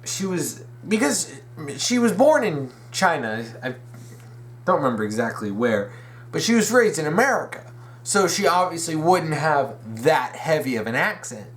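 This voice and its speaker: With a fairly high, very animated voice at normal speed, a young man hosts a laid-back fan commentary video. He rambles and keeps restarting or fixing his sentences, eager and opinionated.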